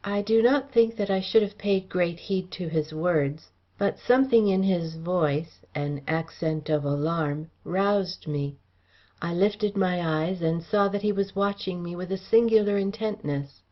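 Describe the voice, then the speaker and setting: A woman reading a classic adventure novel aloud as an audiobook, in a steady, formal storytelling manner. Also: fairly low pitch, measured pace, dull audio. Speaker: audiobook reader. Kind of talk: scripted narration of a classic novel.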